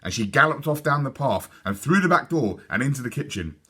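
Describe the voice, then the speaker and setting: A man reading a children's book aloud as a storyteller. His voice is bright and lively, rising and falling a lot to keep young listeners hooked. He sits at a plain middle pitch. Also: a little fast, slightly rough. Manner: lively and expressive. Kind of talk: children's read-aloud narration.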